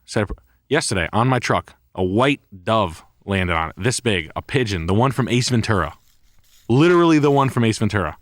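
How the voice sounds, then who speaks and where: A man's voice: lowish voice, lively intonation, normal speed, no echo, clean studio sound. A man telling a rambling, profane story in a casual podcast chat. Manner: rambling and profane, heavy swearing. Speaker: podcast co-host.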